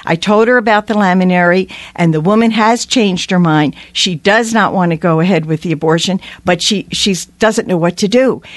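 A woman's voice: lowish voice, no room sound. A woman on a radio show, earnestly telling a long personal story and acting out the voices of the people in it. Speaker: guest.

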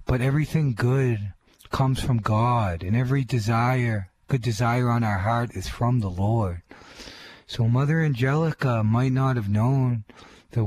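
A man's voice: mid-range voice, darkish tone. A man commenting on the sermon as co-host of a radio ministry, earnest and reflective. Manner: earnest, reflective, with frequent restarts.

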